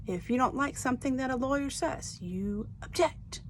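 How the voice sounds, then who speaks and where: A woman teacher explaining word stress in a slow, deliberate way, stressing each syllable. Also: high voice, expressive, slight background noise. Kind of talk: recorded lesson on homographs.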